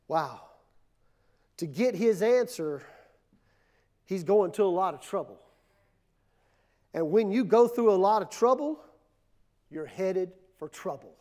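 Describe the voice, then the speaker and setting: Male pastor, very high voice, emphatic repetitive sermon delivery. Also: expressive, slow, pauses often, mellow. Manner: emphatic, repetitive preaching with dramatic drops and surges.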